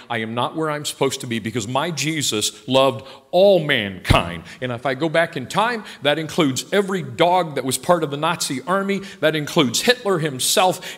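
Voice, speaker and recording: An older male pastor preaching a blunt, folksy sermon. He swings from quiet asides to loud, passionate outbursts. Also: on the high side. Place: large church sanctuary. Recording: long hall reverb in a church.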